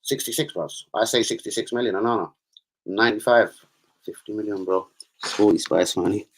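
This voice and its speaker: Slangy football streamer. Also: male voice, fairly low pitch, fairly quick, a little hiss or hum. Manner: slangy, chatty, swears, trails off. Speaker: football livestream host. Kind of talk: casual livestream chat.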